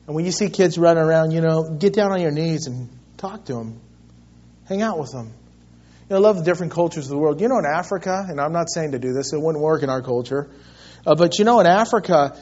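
A middle-aged man preaching a sermon as pastor, animated and swinging from loud to soft as he tells a story. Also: high-pitched, husky. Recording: dull lo-fi sermon recording.

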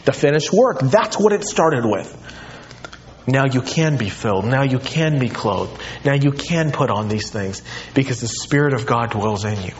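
A male pastor preaching a sermon, emphatic and animated, his voice swinging widely in pitch. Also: moderate pace, lo-fi sound.

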